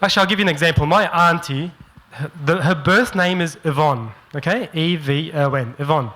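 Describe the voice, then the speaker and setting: Animated stand-up comedian. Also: male voice, a little high, rough recording. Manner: animated, mimics relatives in quick quoted voices. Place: stage before a live audience.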